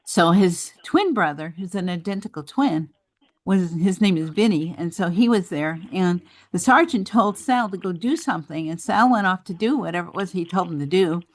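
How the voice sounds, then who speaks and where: A woman's voice: fairly low pitch, lively intonation, normal speed. A woman on a group video call, telling family stories in a rambling way with lots of fillers. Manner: rambling storyteller, many fillers. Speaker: group member. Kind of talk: casual chat.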